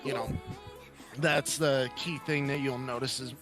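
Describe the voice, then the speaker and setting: A man's voice: medium pitch, fairly even intonation, a little slow, music in the background. A man from Louisiana with a mixed Louisiana and Texas accent, telling rambling stories as a guest in a casual live-stream interview. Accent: Louisiana and Texas Southern US. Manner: storytelling, rambling with fillers. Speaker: guest, roleplay gang member.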